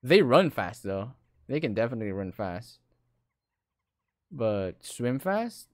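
A man giving casual, excitable let's-play commentary, swearing freely and switching languages. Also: mid-range voice, takes it slowly, no room sound. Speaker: gaming streamer.

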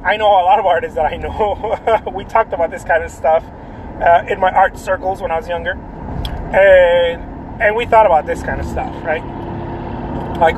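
A man's voice: sits high, normal speed, noisy background. A man, an artist, chatting casually about art, rambling, repeating himself and tagging lines with "right?". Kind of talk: casual vlog talk.

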